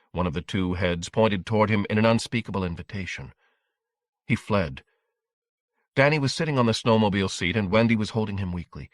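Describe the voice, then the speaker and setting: A man reading a horror audiobook in a measured, dramatic storytelling manner. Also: fairly low pitch, a bit bright, no echo, clean studio sound. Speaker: audiobook narrator. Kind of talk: scripted audiobook narration.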